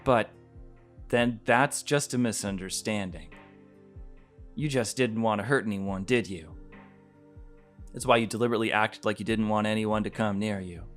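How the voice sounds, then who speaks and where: A gentle young princess made of glass speaks calmly and frankly, as a man reads her lines. She scolds without shouting and comforts with kindness. Her voice sits low, with faint music behind. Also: normal speed, pauses often, close to an everyday voice. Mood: kind. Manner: calm, frank and kind.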